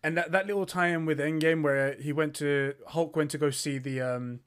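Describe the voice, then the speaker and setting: Excitable man, higher voice. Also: normal speed, clean tone. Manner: excitable, does mocking voice impressions. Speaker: podcast co-host. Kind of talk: casual chat.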